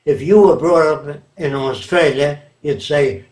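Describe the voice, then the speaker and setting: A man's voice: fairly high pitch, a little slow, darkish tone. An older man answering interview questions in an emphatic, lecturing way, often checking whether his listener understands. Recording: roomy echo.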